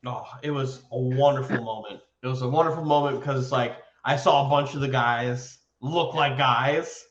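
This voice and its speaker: A man co-hosting a podcast, telling sports stories in a casual, excitable way and swearing freely. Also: mid-range voice, moderate pace, echoey room, muffled recording, a little hiss or hum. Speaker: podcast co-host.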